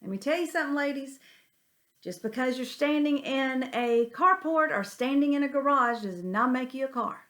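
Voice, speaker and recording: A middle-aged woman teaching a women's Bible study, earnest and animated, telling folksy stories. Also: sits high, normal speed.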